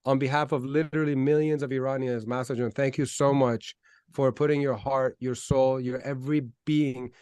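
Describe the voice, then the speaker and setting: A man's voice: mid-range voice, steady tone, normal speed, a little mellow, smooth, no echo, studio quality. A man hosting an online talk show, speaking enthusiastically with frequent ums and restarts. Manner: enthusiastic, hesitant with fillers. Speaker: host.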